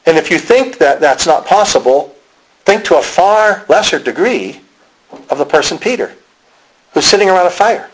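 Male preacher, Pennsylvania accent, breathy-rough tone, animated sermon delivery that acts out quoted lines. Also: fairly high pitch, rough recording. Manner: dramatic storytelling, acting out quoted voices. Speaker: pastor.

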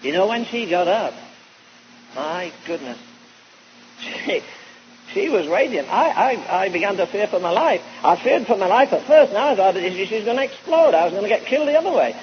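A male preacher telling an animated, folksy story in a sermon, heard on a dull old recording. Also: sits high, a little fast, a little hiss or hum. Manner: animated, folksy anecdotal delivery.

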